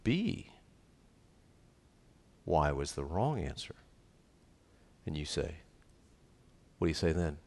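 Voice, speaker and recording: A man's voice: sits low, big pitch swings, slow, long pauses. A middle-aged man preaching a sermon on marriage, emphatic and joking, repeating his key lines. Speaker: pastor.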